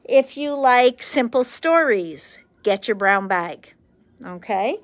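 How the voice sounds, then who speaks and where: Lady hosting a craft shop live stream, slow and chipper, dry close sound. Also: a little high, animated, no echo. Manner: chipper, greets viewers by name, switches between English and French. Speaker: shop host on a livestream. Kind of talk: live shopping stream chat.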